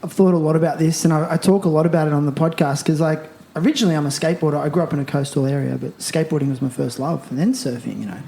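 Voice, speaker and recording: A man hosting a podcast, asking curious, quick questions in casual chat at a home in Bali. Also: a little high, creaky, warm tone, a little hiss or hum. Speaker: podcast host.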